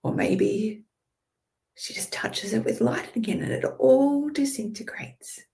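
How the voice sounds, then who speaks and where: A woman leading a guided visualization in a drifting, playful way, moving between calm imagery and casual swearing. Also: fairly high pitch, slow, gravelly. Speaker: meditation guide.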